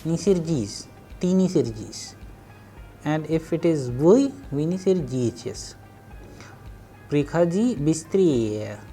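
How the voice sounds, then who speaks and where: Man, language lecture, mellow tone, explanatory, hesitant pauses, faint music behind. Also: on the high side, big pitch swings. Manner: slow, explanatory, translating phrase by phrase. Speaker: Russian language teacher.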